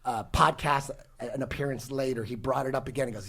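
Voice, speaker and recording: A man's voice: mid-range voice, steady tone, fairly quick, creaky, fairly bright tone. A man in his forties telling a long story in casual podcast talk, profane and rambling with many restarts. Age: 40s. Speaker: podcast guest. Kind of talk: casual conversation.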